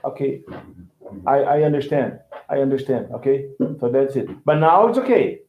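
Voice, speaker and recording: The recording sounds roomy and dull, a lo-fi capture of a man teaching English online. His medium-pitched voice is animated at a normal speed as he casually repeats words for pronunciation and makes sure his student follows.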